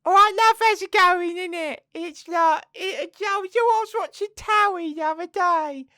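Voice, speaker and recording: A man doing a shrill gossipy girl. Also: normal speed, bright, forceful tone, dry recording, clean studio sound. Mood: gushing. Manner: exaggerated falsetto mimicry. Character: gossipy young Essex woman, chatty.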